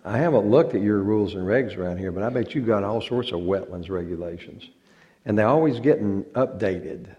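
A man with a drawl speaks in a church, in a low-pitched and mellow voice. His talk to the congregation is folksy and joking, and he stretches out words for effect. He sounds like a pastor talking with his flock instead of preaching at them. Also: brisk, dull audio. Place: church sanctuary.

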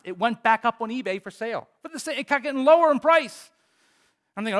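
Animated, high-voiced male preacher. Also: fairly quick, long pauses. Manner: animated storytelling with big swings in volume. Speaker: pastor. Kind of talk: sermon.

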